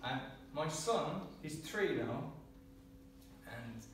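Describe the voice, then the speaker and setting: Speaking very slowly with lively intonation and a fairly bright, slightly high voice, an Irishman gives a prepared club speech full of self-mockery and frequent chuckles. The mic is distant, leaving his voice ringing through a very echoey room with faint hiss beneath.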